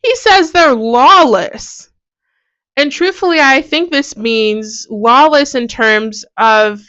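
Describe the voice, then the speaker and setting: A woman hosting a video, giving casual, animated commentary on ancient texts with a sarcastic edge and frequent laughs. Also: fairly high pitch, slow pace, highs cut off. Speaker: video host.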